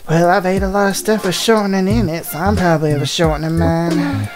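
A woman with a scratchy voice chats and jokes through a Let's Play, rambling with asides. Her voice sits fairly low, and game music plays clearly behind her. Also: steady tone, a little fast. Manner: chatty, jokey, rambling asides. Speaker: gaming channel host.

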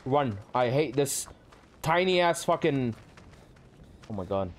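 A man's voice: medium pitch, animated, takes it slowly, slight background noise. A male streamer giving live commentary on a horror game, jumpy and swearing a lot while talking to his chat.

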